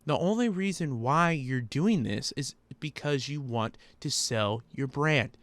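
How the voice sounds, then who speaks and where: A man's voice: mid-range voice, expressive, a little slow, a bit bright, no room sound. A man hosting a commentary video, ranting bluntly and profanely. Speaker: commentary host.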